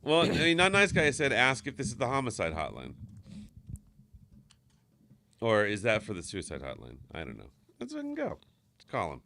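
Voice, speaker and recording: A man's voice: mid-range voice, wildly swooping pitch, normal speed, creaky, long pauses, bright, forceful tone, a little hiss or hum. A man hosting a live stream, chatting casually, reading viewer comments aloud and swearing offhand. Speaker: stream host.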